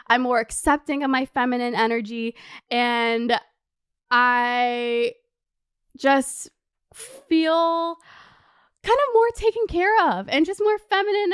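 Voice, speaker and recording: A young woman in her twenties chatting excitedly to camera as a vlogger, swearing freely. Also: sits high, smooth, no room sound, clean studio sound. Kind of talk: casual chat to camera.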